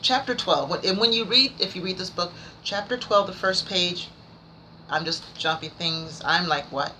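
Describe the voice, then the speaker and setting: A woman reviewing books in a casual vlog, nervous and rambling, stumbling over her words but excited and passionate. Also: lowish voice, moderate pace, a little hiss or hum, low-quality recording. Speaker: book vlogger. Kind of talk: casual book review chat.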